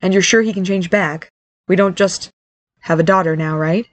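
A woman reading the part of a calm, measured, reserved middle-aged father in a storybook. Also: on the low side, lightly acted.

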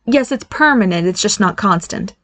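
A woman's voice: mid-range voice, animated, moderate pace, a bit bright, no room sound. A woman voicing an eager, nervous fairy godmother mother who chatters and reassures, in an audiobook reading. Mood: chatty, anxious. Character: cheerful, nervous middle-aged fairy godmother mom.

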